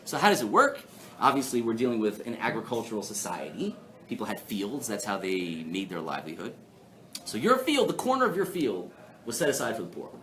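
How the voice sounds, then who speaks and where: Animated man teaching a live class. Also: on the low side, brisk. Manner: animated, rhetorical questions, playful asides. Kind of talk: live Torah class, lively lecture. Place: synagogue hall before an audience.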